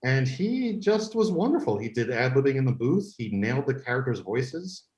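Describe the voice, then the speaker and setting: A man, a guest in a podcast interview, tells stories about his show with plenty of enthusiasm and restarts. His voice sits at a middling pitch. The room around him is noticeably echoey. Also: sing-song, moderate pace, a little mellow. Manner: enthusiastic storytelling, many restarts. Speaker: guest, creator of an animated series.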